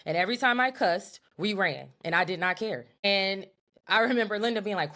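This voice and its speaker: A young woman co-hosting a podcast, telling an animated, profane story in a casual chat. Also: medium pitch, fairly quick. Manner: animated, profane, talks to her co-host as "girl". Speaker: podcast co-host.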